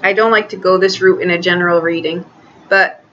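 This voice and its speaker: A woman giving a casual tarot reading, talking in a chatty, halting way with many restarts. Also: fairly low pitch, fairly even intonation, fairly bright tone, highs cut off, a little hiss or hum. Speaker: tarot reader.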